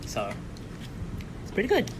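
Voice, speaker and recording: A man chatting casually with friends over a meal, laid-back and swearing now and then. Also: a little slow. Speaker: friend at a food tasting. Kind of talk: casual chat. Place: indoors at a table with friends. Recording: music playing underneath.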